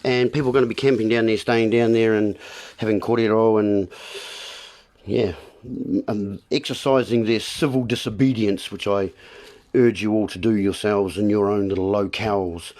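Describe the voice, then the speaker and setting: A man with a lowish, darkish voice hosts a livestream, keeping a steady tone and moderate pace as he rambles along with wordplay, calling his listeners folks.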